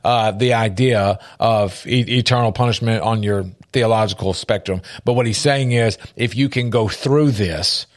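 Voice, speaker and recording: A man co-hosting a faith-based talk show, telling stories with lively jumps in pitch. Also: normal speed, hardly any pauses. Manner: animated storytelling, jumps up in pitch for quoted voices. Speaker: podcast co-host.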